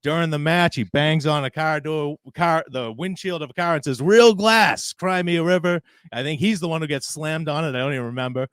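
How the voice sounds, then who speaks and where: A man's voice: fairly high pitch, brisk, few pauses, a bit bright, no echo. A man co-hosting a wrestling podcast, retelling a backstage story in casual chat and laughing often as he quotes others. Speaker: podcast co-host.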